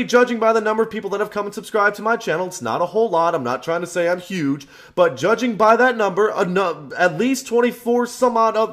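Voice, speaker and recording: Brief: male vlogger, profane ranter, high voice that swings wildly. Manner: loud, profane, emphatic ranting. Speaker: channel host. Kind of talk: ranting vlog.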